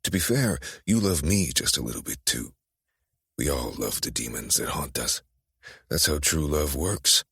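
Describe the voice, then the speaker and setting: A man voicing a brooding, tattooed young man who is possessive and menacing, speaking in a low, teasing murmur for an audiobook. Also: lively intonation, unhurried, fairly bright tone, no echo, studio quality, full character voice. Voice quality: very deep, gravelly, husky. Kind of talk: audiobook dark romance voice acting.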